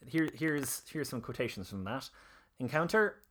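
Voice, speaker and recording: A man's voice: medium pitch, animated, normal speed, fairly bright tone. Hesitant man in casual history chat. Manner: hesitant, many fillers and restarts. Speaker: presenter of a history discussion.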